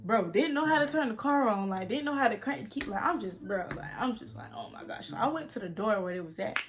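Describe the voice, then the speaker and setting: A woman in her twenties telling a story to the camera in a casual vlog, animated and slangy, talking straight to her viewers. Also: a little high, fast talker, faint music behind. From United States. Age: 20s. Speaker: vlogger.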